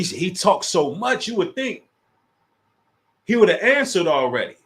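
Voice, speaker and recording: Speaking straight to his chat while mocking a rival, this casual livestream host from the D.C. area has a fairly high-pitched, slightly bright voice.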